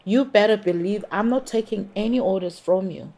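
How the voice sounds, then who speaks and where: An actress playing a confrontational woman traveler who fires back sharp retorts. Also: mid-range voice, moderate pace, natural voice. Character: combative woman traveler in a security line.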